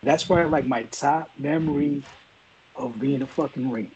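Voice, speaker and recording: A man's voice: mid-range voice, normal speed, crowd noise. A former Marine man telling a story in a casual, rambling, profane way. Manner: profane, rambling, laid-back. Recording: dull lo-fi audio.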